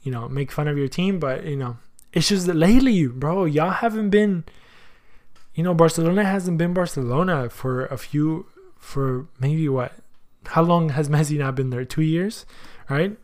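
A man's voice: on the high side, normal speed, darkish tone. A man hosting a soccer podcast in casual chat, slangy and thinking aloud as he goes. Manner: chatty, thinks aloud, asks himself questions.

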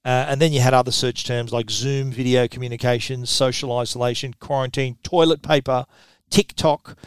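A middle-aged Australian man presenting tech news in a quick, chatty, casual way, often restarting his phrases. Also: medium pitch, fairly even intonation, clear, resonant tone, dry recording.

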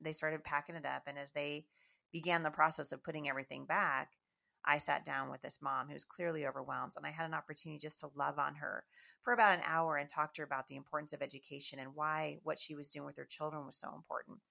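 Middle-aged woman from washington state telling her story to a crowd, low voice with lots of gravel, chatty. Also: fast. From Washington State, USA. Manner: chatty, animated storyteller with frequent restarts. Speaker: Christian speaker and homeschool teacher. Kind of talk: storytelling testimony to an audience.

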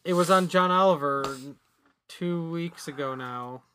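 High-voiced man rambling on a podcast. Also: pushed and bright, slight background noise. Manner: rambling, halting, full of restarts. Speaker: podcast co-host. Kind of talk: casual chat.

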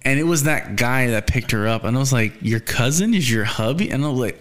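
A man's voice: mid-range voice, lively intonation, a little fast, few pauses, fairly bright tone. A young man in casual talk, telling a rambling story and acting out the voices of the people in it.

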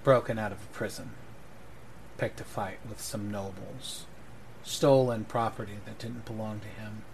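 A man doing a cold, quiet menacing lord. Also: fairly low pitch, fairly even intonation, normal speed, a little hiss or hum, pitched below the performer's own voice, natural voice, poor audio.

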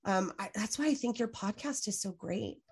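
A woman speaking as a podcast guest in a candid interview, earnest and emphatic, full of "like" fillers and quick restarts, sometimes swearing. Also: medium pitch, vocal fry, a little mellow, husky. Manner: frequent "like" fillers, self-restarts.

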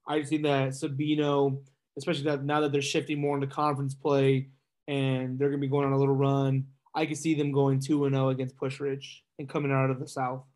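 A man co-hosting a casual sports chat, relaxed and a bit hesitant, with stumbling starts. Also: mid-range voice, fairly quick. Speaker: sports podcast co-host.

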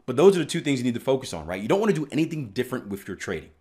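A man's voice: medium pitch, sing-song, rapid-fire, slightly rough. Male trading coach, emphatic motivational delivery with frequent "right?" check-ins. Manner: emphatic, repeats "right?" often, bursts of loud stress. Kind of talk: motivational teaching talk.

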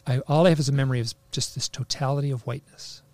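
A man telling a personal story in a casual, halting way, full of restarts, animating the voices he quotes. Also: medium pitch, no room sound. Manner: animated, acts out quoted lines.

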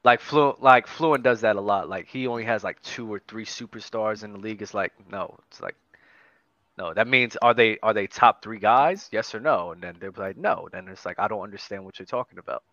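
Bright-voiced podcast host, lo-fi sound. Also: male voice, lowish voice, normal speed, no room sound. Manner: animated, says "bro" a lot, restarts. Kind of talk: casual basketball debate chat.

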